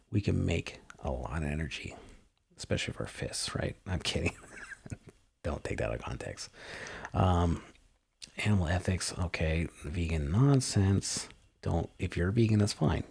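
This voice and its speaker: A man's voice: low-pitched, creaky, darkish tone, breathy edge. A man hosting a livestream, reading an article aloud in rambling commentary and ranting in a sarcastic, profane way. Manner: sarcastic, profane ranting with frequent fillers and restarts. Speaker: livestream host.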